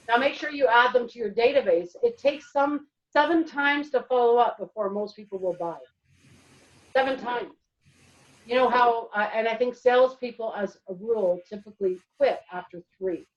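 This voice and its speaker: A woman presenting a networking webinar in a lively, chatty way, with many fillers. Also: on the high side, moderate pace. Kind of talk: webinar talk. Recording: dull, distant call audio.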